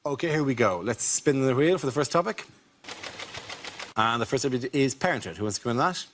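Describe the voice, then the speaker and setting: A man hosting a comedy panel show with brisk presenter links. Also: mid-range voice, expressive, a bit bright.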